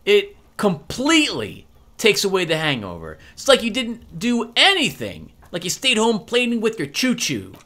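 A man's voice: high voice, huge pitch swings, a little slow, sharp tone, pitched above the performer's own voice, exaggerated voice. A man reading a video game aloud and voicing a foul-mouthed twelve-year-old boy who taunts and talks about himself in third person. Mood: mocking.

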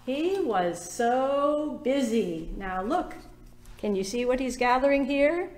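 A woman's voice: high voice, expressive, slow, a little mellow, roomy sound, a little hiss or hum. A woman hosting a library storytime, reading a picture book aloud in a sing-song way and inviting children to join in.

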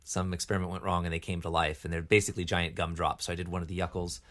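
A man's voice: sits low, level tone, rapid-fire, fairly bright tone. A middle-aged man chatting casually as a podcast guest, good-humored and self-deprecating. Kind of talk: casual chat.

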